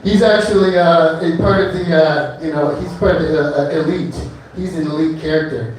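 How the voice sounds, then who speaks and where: A man's voice: a little high, moderate pace, a little mellow, a little hiss or hum. A man performing a stand-up comedy set on a bar stage, rambling loosely with many fillers between one-liners. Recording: echoey club room from far off.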